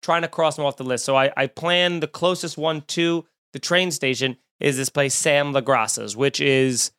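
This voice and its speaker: A man hosting a casual podcast, telling a lively, profane, joking travel story. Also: mid-range voice, moderate pace, clean tone.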